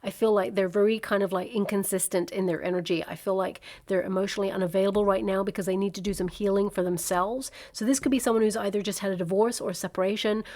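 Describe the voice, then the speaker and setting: A woman's voice: mid-range voice, fairly even intonation, quick pace, hardly any pauses, a little mellow. A woman giving a casual tarot reading to camera, chatty and reassuring, thinking aloud with plenty of fillers. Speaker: tarot reader.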